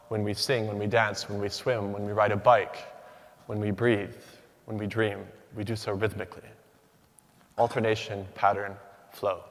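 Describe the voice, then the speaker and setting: Lower-voiced male speaker, deliberate and measured, reverberant auditorium. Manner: rhythmic, measured delivery with deliberate pauses. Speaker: doctoral student speaker. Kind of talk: rehearsed academic talk. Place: large hall. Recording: long hall reverb.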